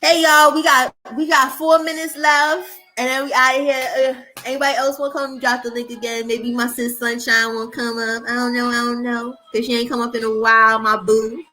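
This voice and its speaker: A woman's voice: fairly high pitch, little pitch movement, a little fast, hardly any pauses, bright, forceful tone, faint music behind, rough recording. A woman hosting a livestream, chatting loosely with viewers in slangy, profane talk. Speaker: livestream host. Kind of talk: casual livestream chat.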